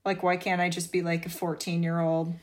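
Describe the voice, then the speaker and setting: Woman podcaster, loud and jokey, quick casual delivery full of "like.". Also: on the low side, monotone. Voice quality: loud, says so herself. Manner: fast, joking, filler-heavy with lots of "like". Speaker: podcast co-host. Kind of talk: casual chat. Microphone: home podcast setup.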